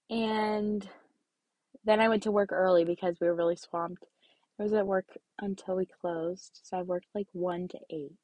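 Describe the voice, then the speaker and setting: A woman's voice: medium pitch, dry recording. Twenties woman, casual rambling vlogger, congested, dry close-miked sound. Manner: rambling, filler-heavy, lively storytelling. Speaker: student vlogger. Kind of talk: casual chatty vlog.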